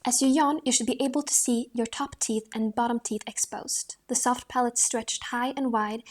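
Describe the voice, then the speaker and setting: Pitched on the higher side, this woman's voice moves steadily and calmly through a passage from a voice-training book. Occasionally she stops and begins a line again.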